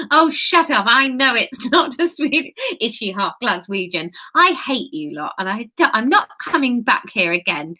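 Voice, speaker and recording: A woman's voice: on the high side, sing-song, moderate pace, hardly any pauses, sharp tone. A woman reading her own book aloud, breaking off into giggly, self-mocking asides. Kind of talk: casual read-aloud livestream.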